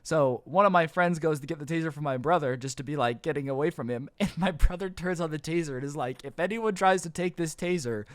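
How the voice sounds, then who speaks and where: A man in his twenties telling a high school storytime to his channel in a casual, slangy way, tossing in bro and dude. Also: fairly bright tone, smooth, no room sound. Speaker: YouTube storyteller.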